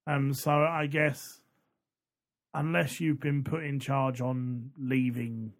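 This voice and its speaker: Male podcast co-host, gravelly fry in the voice, easy conversational lore talk. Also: mid-range voice, level tone, slow. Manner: conversational, adds lore details. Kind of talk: casual chat about a book.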